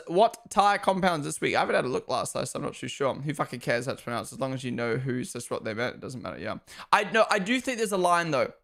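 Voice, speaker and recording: A young man hosting a live race watchalong, chatting casually, reading chat and swearing bluntly. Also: fairly high pitch. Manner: blunt and animated, swears freely.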